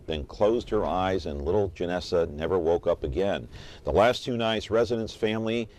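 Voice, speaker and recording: A man's voice: low-pitched, darkish tone. A man hosting a local talk show, speaking earnestly and directly to his viewers.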